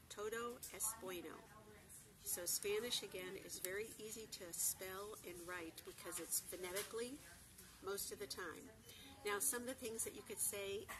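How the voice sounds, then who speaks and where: A woman of ordinary pitch teaches a beginner Spanish class. She says each example slowly and goes over it again with care. The recording carries a clear layer of background noise. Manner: slow, careful repetition of example phrases. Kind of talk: beginner language lesson.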